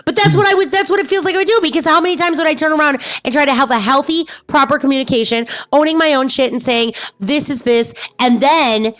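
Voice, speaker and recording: A woman's voice: high-pitched, fast talker, few pauses, fairly bright tone, dry recording, soft background music. A woman streamer talking candidly and bluntly in casual chat, swearing freely and repeating herself for emphasis. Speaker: streamer host. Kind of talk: casual personal talk.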